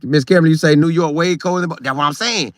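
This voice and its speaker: A man's voice: a little high, brisk, no room sound, clean studio sound. A middle-aged man, hosting a casual live stream, reading viewer comments in a loose, talkative way and repeating phrases for emphasis. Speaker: show host reading live chat. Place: Florida.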